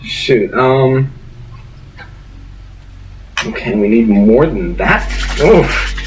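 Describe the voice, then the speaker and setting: A man's voice: medium pitch, animated, drawn-out words, a little hiss or hum. A man playing a tabletop game, hesitant and thinking aloud as he plans. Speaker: player. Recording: roomy echo, dull sound, faint music.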